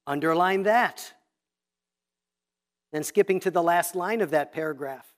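A preacher in a church with a notably high-pitched voice. He teaches patiently and methodically, guiding his congregation through a scripture passage line by line as they mark their leaflets. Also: normal speed. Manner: instructive, walking listeners step by step through a text. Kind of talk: sermon teaching Bible study method. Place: church sanctuary.

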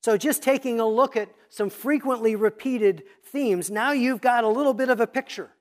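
Deliberate preacher teaching through scripture. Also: mid-range voice. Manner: reads scripture slowly and deliberately, then explains; teacherly, points out repeated themes. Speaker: pastor. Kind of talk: expository sermon.

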